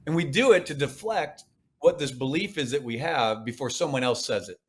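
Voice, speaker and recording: A man's voice: medium pitch, a little fast. A man speaking as a podcast guest, coaching with emphatic, repeated phrases. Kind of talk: podcast interview.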